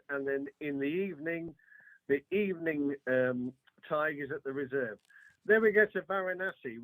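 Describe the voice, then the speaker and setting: Guest spot: English man, higher voice, halting and full of fillers, dry close sound. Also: a bit bright, no room sound, poor audio. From England. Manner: hesitant, many restarts and fillers. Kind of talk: casual podcast chat.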